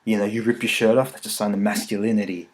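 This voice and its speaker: A man's voice: on the low side, little pitch movement, fast. A man, hosting a podcast and telling rambling, jokey stories laced with swearing. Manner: rambling, profane, jokey storytelling. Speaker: podcast host. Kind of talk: casual chat.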